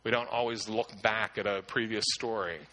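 A man's voice: fairly low pitch, fairly even intonation, normal speed, sharp tone. A man preaching a sermon as pastor, earnest and emphatic, often restarting his words.

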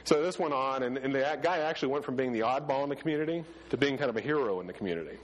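Man, pastor, chatty sermon, stumbles and restarts, mid-pitched, long hall echo. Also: racing. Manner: conversational, many restarts and fillers.

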